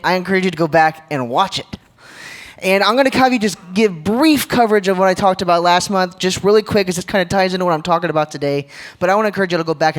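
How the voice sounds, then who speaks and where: Man, high pitch, church leadership talk, playful, crowd questions. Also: a bit bright. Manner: jokey, engages crowd with questions. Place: church gathering, live audience.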